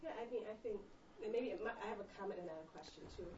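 A woman's voice: mid-range voice, rapid-fire, darkish tone, reverberant, far from the mic. Woman in her 40s from the Caribbean, audience member, heartfelt delivery, muffled room recording with faint noise. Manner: earnest, searching, emotional. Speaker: audience member asking a question. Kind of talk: conversational discussion.

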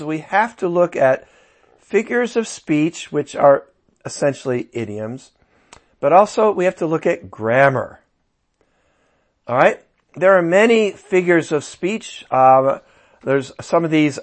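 A man teaching a Bible interpretation class, tired and talking slowly, asking his listeners rhetorical questions. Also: on the high side. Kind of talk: lecture.

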